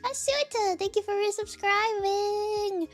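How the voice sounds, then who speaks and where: A woman's voice: high-pitched, expressive, moderate pace, a bit bright, soft background music. A woman streamer chatting casually at her desk in a bubbly way, full of fillers, greeting viewers one by one. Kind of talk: casual live-stream chat. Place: home desk.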